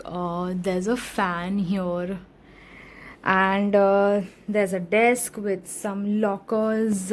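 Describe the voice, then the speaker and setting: A woman vlogging her travels in a relaxed, casual way, with lots of fillers and pauses as she shows a hostel room and a beach. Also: mid-range voice, poor audio. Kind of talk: casual travel vlog narration. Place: hostel room and outdoors on an island.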